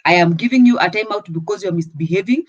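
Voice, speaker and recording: A woman's voice: on the low side, fast, no room sound, dull audio. A woman with a Kenyan accent giving firm parenting advice on a talk show. She switches between English and Swahili.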